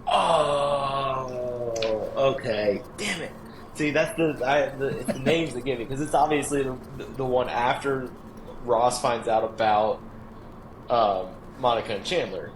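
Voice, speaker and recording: A man's voice: mid-range voice, moderate pace, echoey room, noisy background. A man co-hosting a casual podcast chat, hesitant and self-mocking, recorded over a video call. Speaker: podcast co-host.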